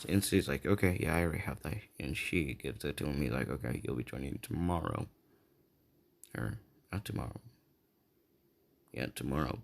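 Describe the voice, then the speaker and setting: A man's voice: low voice, vocal fry, a little mellow, husky. A man improvising a fan story in a rambling way, often losing his place, swearing, and checking in with "right?".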